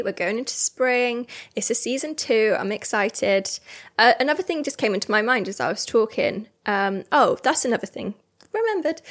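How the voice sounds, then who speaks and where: A woman's voice: mid-range voice, a bit bright. A young adult woman hosting her own podcast, talking in a casual, reflective and rambling way with plenty of fillers. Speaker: podcast host. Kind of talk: casual solo podcast chat.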